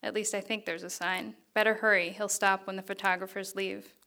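Quiet young male photographer, friendly and a little sly, as a woman reads him: steady, bright, crisp tone, flat delivery with a touch of gravel. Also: mid-range voice, fairly quick. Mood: quietly friendly. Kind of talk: reading fiction aloud.

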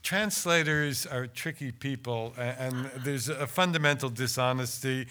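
An older man with a bright, forward voice lectures about translating poetry. He hesitates often, repeating words and restarting his sentences as he thinks aloud. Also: medium pitch, slight background noise. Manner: hesitant, stammering restarts in explanation, measured and declamatory when reciting. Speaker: translator giving a talk.

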